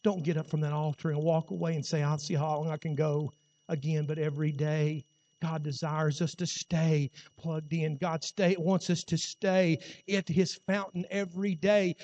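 High-voiced impassioned male preacher, echoing hall. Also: flat delivery, normal speed, lo-fi sound. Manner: impassioned, rising to loud cries then dropping low. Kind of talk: sermon.

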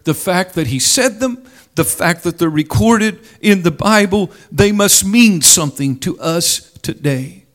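A male preacher delivering a sermon at an unhurried, measured pace. His fairly high voice swells for emphasis, then sinks low and quiet. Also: expressive. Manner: slow, deliberate preaching with dramatic rises and drops.

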